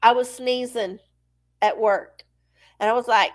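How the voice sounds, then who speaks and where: A woman's voice: a little high, steady tone, a little slow. A middle-aged woman hosting a live-stream oracle show, chatting casually and profanely, rambling off on tangents while sneezy from allergies.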